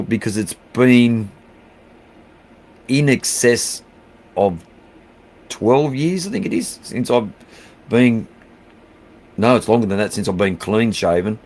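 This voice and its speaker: Blunt Australian man chatting with viewers. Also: on the low side. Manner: blunt, swears freely, calls everyone mate. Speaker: livestream host. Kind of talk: casual chat reading out viewer comments.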